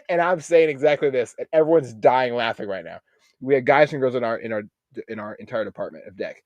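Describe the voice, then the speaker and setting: A man, a Navy veteran, telling a rowdy story in casual podcast chat, swearing freely and jumping into loud quoted outbursts. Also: medium pitch, a little fast, no room sound, dull audio.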